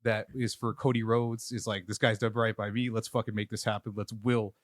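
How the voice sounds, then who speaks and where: Male co-host, slightly low voice, breathless, laid-back and thinking aloud, dry close mic. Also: flat delivery, fairly quick, dry recording. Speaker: podcast co-host. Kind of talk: casual chat about wrestling.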